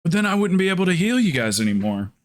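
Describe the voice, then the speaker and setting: A man's voice: high voice, very animated, fast talker. A man streaming a game, chatting casually with viewers in a rambling, joking way and swearing freely. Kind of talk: casual live-stream chat.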